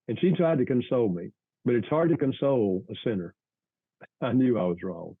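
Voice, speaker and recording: An older man, a guest author, earnestly telling a family story in an interview, with halting restarts. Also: mid-range voice, lively intonation, slightly rough, no room sound, narrow, tinny audio.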